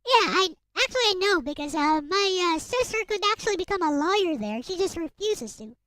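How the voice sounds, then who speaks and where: A woman's voice: extremely high pitch, animated, brisk, fairly bright tone, no room sound. A young adult woman from the Philippines, giggling often as she chats casually on a stream. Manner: giggly, chatty. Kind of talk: casual chat.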